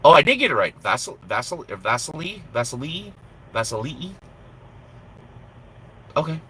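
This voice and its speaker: This man's voice is a little high and husky, with sharp tone and big pitch swings at a normal speed, heard on a rough recording. A trucker from Minnesota, he chats casually on his live stream from the cab, cursing, poking fun at himself and laughing readily.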